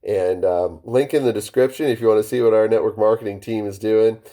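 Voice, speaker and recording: A man coaching on phone sales skills in casual talk to camera, varying his pitch and speed on purpose and often restarting his sentences. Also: steady tone, fairly quick, dark tone.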